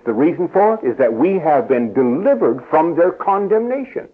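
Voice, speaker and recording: A man preaching an evening sermon to a seated congregation. He speaks earnestly, slows and rises on key phrases, and turns soft and slow when he leads a prayer. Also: fairly high pitch, big pitch swings, breathy edge, narrow, tinny audio. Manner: earnest, stresses key phrases by slowing and rising. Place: church service before a seated congregation.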